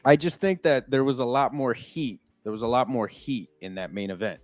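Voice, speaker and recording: A man's voice: mid-range voice, moderate pace, no echo. A man cohosting a wrestling podcast in casual, profane, mock-boastful panel chat. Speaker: podcast co-host.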